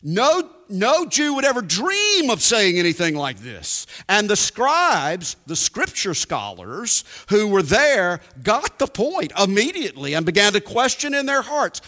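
Slow, animated preacher in a reverberant hall. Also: male voice, high voice. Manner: emphatic, deliberate, repeats key points. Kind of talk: sermon.

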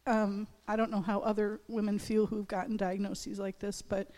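A woman pastor in her thirties giving a personal testimony in a church service, speaking haltingly with many restarts. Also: mid-range voice, little pitch movement, a little mellow, big-room sound. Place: church sanctuary.

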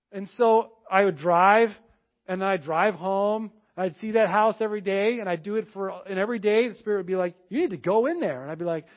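A pastor delivers his sermon in a fairly high voice, swinging into animated storytelling and voicing both sides of a conversation. The recording is a little dull and muffled. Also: fairly quick.

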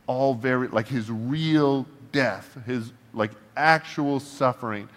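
Pastor, male, mid-pitched, casual and humorous preaching, acts out prayers, heard with a long hall echo. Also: takes it slowly. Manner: animated, humorous, acts out prayers to God in a shifting voice. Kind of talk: casual conversational sermon. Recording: long reverb of a large hall.

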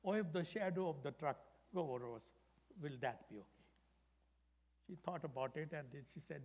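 An older man preaching a sermon as pastor, dramatic and storytelling, dropping from loud emphasis to hushed whispers. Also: a little high, lively intonation, moderate pace, pauses often. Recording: long echoing hall reverb.

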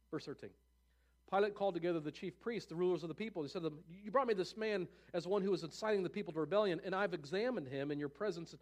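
A man preaching, reading scripture aloud and breaking in with casual, offhand comments. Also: high voice.

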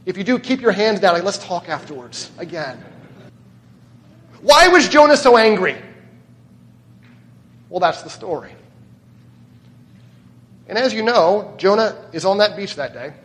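A man's voice: sits high, lively intonation, measured pace, long pauses, big-room sound. A man preaching a sermon as pastor, conversational and often putting questions to the congregation. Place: church.

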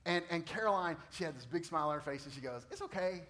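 A man preaching a sermon, repeating phrases and swinging from loud bursts to hushed tones. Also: fairly high pitch, quick pace. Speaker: pastor.

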